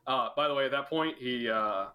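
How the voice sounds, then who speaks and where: A man's voice: mid-range voice, moderate pace, clean tone, muffled recording. A man running a tabletop game as game master, narrating casually with many fillers.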